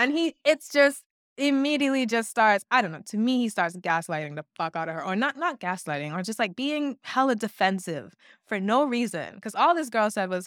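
A woman's voice: fairly high pitch, fairly quick, no room sound. Woman co-host, young adult, chatty and profane, quotes people with gusto, dry close sound. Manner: animated, profane storytelling with acted-out quotes. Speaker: podcast co-host. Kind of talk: casual recap chat.

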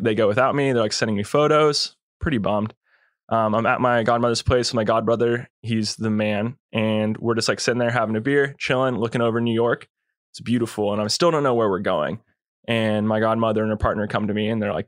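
A man's voice: fairly low pitch, fairly quick, dry recording, clean studio sound. A young man, a podcast guest, telling a long story in a laid-back, slangy way and acting out quotes. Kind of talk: casual storytelling.

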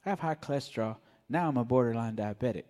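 A man giving a mellow, soft-spoken personal testimony at church. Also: medium pitch, quick pace, big-room sound. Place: church sanctuary.

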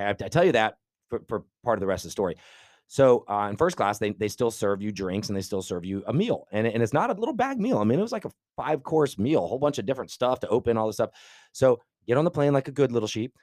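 A man spinning a long, animated anecdote on a podcast, his voice sitting a little low and the words rushing out quickly. He circles back and restarts often, very much casual chat. The sound is close and dry. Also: no room sound. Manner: animated, rambling storyteller with many restarts. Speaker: podcast co-host.

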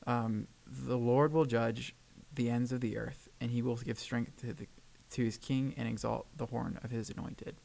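A man's voice: medium pitch, steady tone, moderate pace, gravelly, hardly any pauses, darkish tone, slight background noise, rough recording. A man co-hosting a podcast, reading a Bible passage aloud and then reflecting on it in an earnest way, with a few stumbles and fillers. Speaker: podcast co-host.

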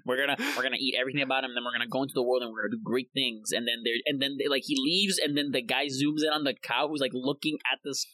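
A man's voice: medium pitch, fairly even intonation, very fast, few pauses, bright, forceful tone, dry recording, rough recording. A young man chatting casually on a podcast, jokey and exaggerated, sprinkling in Spanish slang. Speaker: podcast co-host. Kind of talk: casual chat.

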